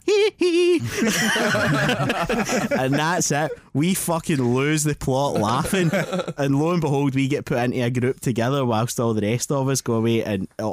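A Scottish man telling a sweary, animated anecdote on a casual podcast. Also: mid-range voice, no room sound, clean studio sound. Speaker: podcast host. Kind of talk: casual storytelling.

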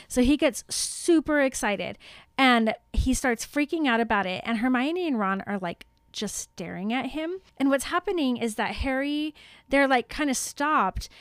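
A woman's voice: fairly high pitch, smooth, dry recording, studio quality. A young woman co-hosting a podcast, recapping a book chapter in casual chat with lots of giggles and "like". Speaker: podcast co-host.

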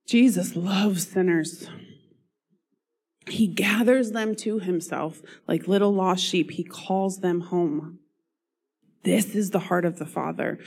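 Hoarse woman giving an earnest sermon, voice half gone, keeps coughing. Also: fairly low pitch, takes it slowly, a little mellow. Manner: earnest, coughs and laughs between phrases. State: hoarse, losing her voice. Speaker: preacher.

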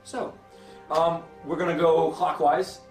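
Hesitant game master, off-mic. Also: male voice, fairly high pitch, little pitch movement, takes it slowly, distant mic. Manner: hesitant, many ums, laughs often. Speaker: game master and podcast host. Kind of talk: narrating a tabletop game. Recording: echoey room, voice from off-mic, faint music.

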